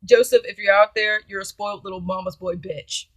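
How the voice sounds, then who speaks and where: A young woman recounts a personal story in a casual, blunt way, swearing freely and quoting both sides of the exchange. Her voice sits at a middle pitch for a woman. It is recorded close and dry, with no room sound behind her. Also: steady tone, a little fast, a bit bright, no room sound. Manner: blunt, profane, indignant retelling with quoted dialogue.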